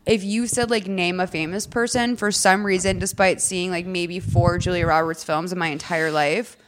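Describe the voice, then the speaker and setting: A woman's voice: fairly low pitch, fairly even intonation, moderate pace, a little hiss or hum. Chatty woman podcast host. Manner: chatty, filler-heavy, jokey. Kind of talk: casual movie recap chat.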